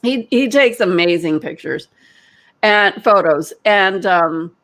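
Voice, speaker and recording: Animated woman telling a story. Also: slow pace. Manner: animated, laughing, quoting others in high voices. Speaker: energy healer and retreat leader. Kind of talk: casual storytelling chat.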